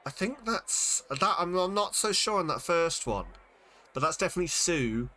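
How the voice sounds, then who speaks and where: A man's voice: high-pitched, very animated, normal speed, sharp tone. A man streaming a game, chatting casually and thinking aloud as he sounds out Japanese words, with many fillers. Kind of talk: casual live-stream chat while reading Japanese.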